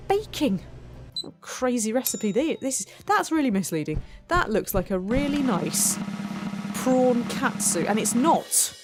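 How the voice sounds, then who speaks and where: Chatty woman narrating gameplay. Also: medium pitch. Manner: chatty, self-mocking, talks to herself. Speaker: let's play host. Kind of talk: gameplay commentary.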